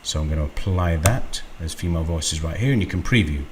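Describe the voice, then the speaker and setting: A man hosting a screen-recorded software walkthrough, unhurried and thinking aloud with frequent ums. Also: sits low, noisy background. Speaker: tutorial host.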